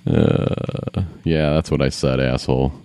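A man's voice: very deep voice, flat delivery, slow, dark tone, clear, resonant tone, dry recording. A man casually commenting on a video game as he plays, grumbling, swearing and talking to himself. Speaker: gamer.

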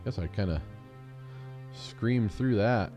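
A man's voice: lowish voice, slow, mellow, faint music behind. A man casually recapping television episodes, rambling and joking, often restarting his sentences. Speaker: show host recapping episodes. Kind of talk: casual recap with mock quoted voices.

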